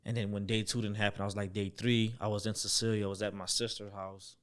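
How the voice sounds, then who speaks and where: A young man telling a story as a podcast guest, acting out the voices he quotes, dropping to near-whispers and then jumping up loud. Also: fairly low pitch, level tone, fast. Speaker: podcast guest, former football player. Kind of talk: storytelling in a casual interview.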